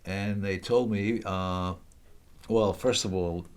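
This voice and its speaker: Low-voiced older man telling stories. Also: steady tone, a little hiss or hum. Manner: hesitant, halting storytelling with many uhs. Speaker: guest. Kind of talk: casual interview.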